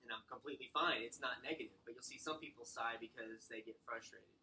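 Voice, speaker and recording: A man giving a casual sales training talk, animated and acting out client exchanges. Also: mid-range voice, fast talker, slight background noise, poor audio. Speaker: real estate sales trainer.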